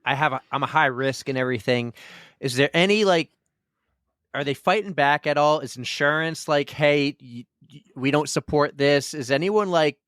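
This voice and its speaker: Relaxed male podcast host, dry sound. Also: fairly high pitch, normal speed, clean tone, dry recording. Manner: relaxed, asks follow-up questions. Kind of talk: casual interview chat.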